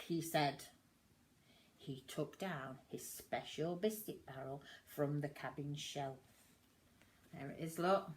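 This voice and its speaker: Animated older woman reading to children. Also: low voice, slow pace. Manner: animated, expressive. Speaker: storyteller. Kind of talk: reading a picture book to children.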